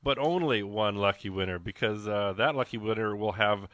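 A man hosting a live radio fundraiser, chatting in an excitable, rambling, jokey way from a studio. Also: on the low side, normal speed, dry recording. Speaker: radio host. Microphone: studio microphone.

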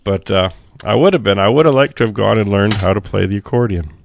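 Gravelly-voiced radio host with a cough. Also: male voice, lowish voice, fast, slight background noise. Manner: rambling, dry joking. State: sick, coughing. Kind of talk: casual radio chat between songs.

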